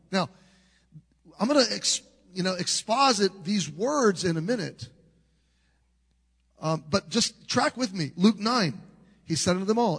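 A man's voice: high-pitched, lively intonation, measured pace, pauses often, fairly bright tone, husky. A middle-aged man preaching a sermon as a pastor, telling a story in an earnest, conversational way with frequent restarts. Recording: long reverb of a large hall.

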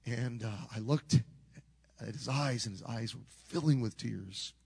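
A man's voice: mid-range voice, a little slow, gravelly, darkish tone, husky. A middle-aged man preaching a sermon as a pastor, telling a story in an earnest, conversational way with frequent restarts. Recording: long reverb of a large hall.

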